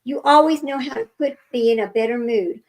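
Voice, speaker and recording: A woman's voice: sits high, a little fast, darkish tone, natural voice, rough recording. Woman reading as a self-pitying fake doctor. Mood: weary sentimental.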